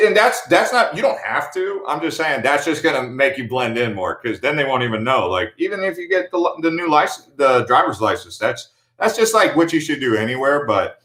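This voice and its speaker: A man's voice: medium pitch, fairly bright tone. An American man hosting a livestream, chatting casually and in a laid-back, slangy way while answering viewer comments. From United States. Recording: echoey room.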